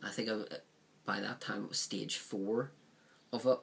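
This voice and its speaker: A man's voice: fairly low pitch, steady tone, measured pace, vocal fry, fairly bright tone, slight background noise. A man casually reviewing a DVD set, rambling with frequent ums and likes.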